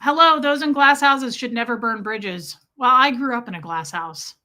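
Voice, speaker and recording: A chatty, joking American woman in her forties greets viewers on her live stream. Her voice is bright and sits a little high. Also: normal speed. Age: 40s. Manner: chatty, sarcastic, jokey. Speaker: livestream host. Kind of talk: casual live-stream chat reading viewer comments.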